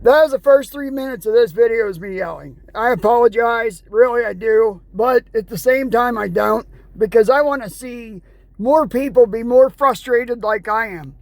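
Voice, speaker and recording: A high-pitched woman from the United States vents in an angry vlog rant, sarcastic and exasperated. Her voice sits close and dry. Now and then she reads news headlines aloud. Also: moderate pace, a little mellow, no echo. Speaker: vlogger.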